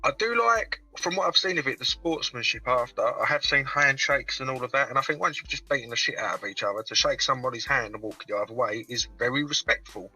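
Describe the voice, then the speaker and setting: A man's voice: mid-range voice, animated, quick pace, hardly any pauses, sharp tone, breathy edge, recorded from a distance, poor audio. A British man calling in over video, bantering cheekily and swearing. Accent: British English. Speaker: caller. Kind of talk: casual chat. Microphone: video call.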